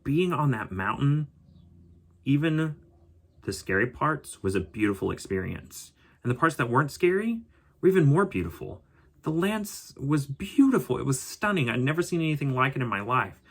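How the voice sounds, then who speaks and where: A man calmly telling a personal story as a podcast host, reflective and unhurried. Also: mid-range voice. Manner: calm, reflective storytelling with occasional laughs.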